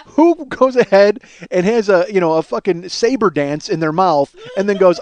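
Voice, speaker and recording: A man in his forties, a podcast host telling a comedic story in a casual, animated way, swearing and laughing along. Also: sits high, moderate pace. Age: 40s.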